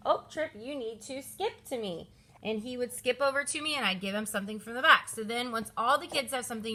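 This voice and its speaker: A woman's voice: a little high, bright, forceful tone, slight background noise. A woman in her thirties, a children's ministry leader, walking volunteers through a lesson plan from home in a chatty way. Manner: chatty, stops to correct her children mid-explanation. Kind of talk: recorded lesson walkthrough.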